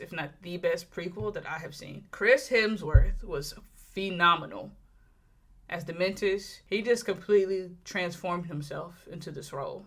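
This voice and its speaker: A woman's voice: on the low side, fairly bright tone. A woman talking casually and enthusiastically through a movie review, with many fillers and restarts.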